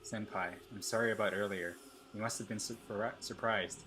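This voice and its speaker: A man voicing a clingy, obsessive schoolgirl stalker as he reads her text messages aloud in a plain, even voice. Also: on the low side, normal speed, a little hiss or hum.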